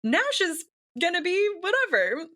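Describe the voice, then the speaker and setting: A woman's voice: very high-pitched, big pitch swings, measured pace, bright, forceful tone. A woman author in a casual interview, chatty and self-deprecating, with lots of fillers. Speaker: author guest.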